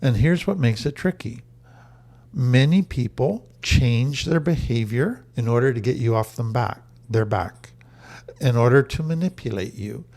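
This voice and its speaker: A man with a gravelly, fry-edged voice at a middle pitch talks through a lesson on healing. He is earnest and emphatic and comes back to the same key phrases to drive them home. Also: lively intonation, unhurried, a little mellow. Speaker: trauma recovery teacher. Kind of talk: teaching talk to camera.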